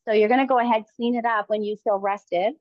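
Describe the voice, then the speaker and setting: A woman coaching a kettlebell workout live, giving calm encouraging cues in short phrases. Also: on the high side, quick pace, no room sound, highs cut off. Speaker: fitness coach.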